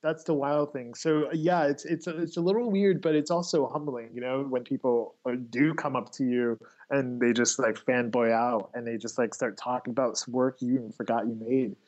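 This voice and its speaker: A man chatting as a guest, rambling through animated stories full of fillers and restarts. His voice sits at an ordinary middle pitch. The recording is dull and muffled. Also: normal speed, few pauses. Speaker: guest, artist. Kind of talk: casual conversation.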